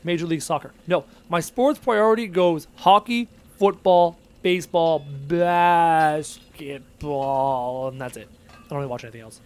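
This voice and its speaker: A man streaming a game live, chatting and muttering to himself as he plays and reads chat aloud. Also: fairly high pitch. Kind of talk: live gameplay commentary, reading chat aloud.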